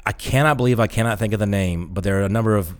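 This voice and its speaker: Brief: relaxed male podcast co-host with a low voice, an easy joker. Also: rapid-fire. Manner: laid-back, chimes in with short replies and jokes. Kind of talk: casual chat.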